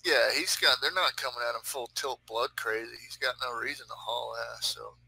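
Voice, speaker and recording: A man's voice: medium pitch, a little fast, vocal fry, pushed and bright, a little hiss or hum, rough recording. A man chatting casually as a player at a tabletop game, loose and joking. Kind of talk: casual chat at a gaming table.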